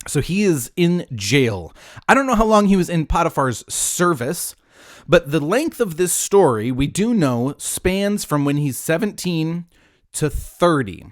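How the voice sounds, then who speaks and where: On this dry, studio-grade podcast track, a man with a rather high voice talks at a measured pace. He gives a loose, humorous retelling of a Bible story, doing character voices and wandering into asides. He's lively and playful and often cuts himself off mid-thought.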